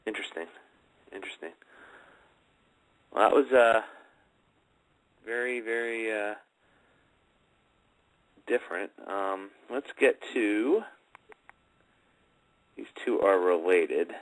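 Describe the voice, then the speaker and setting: A man's voice: on the low side, slow pace, long pauses, rough recording. A man hosting a live radio talk show, chatting casually with a guest and addressing his listeners as he plays audio clips.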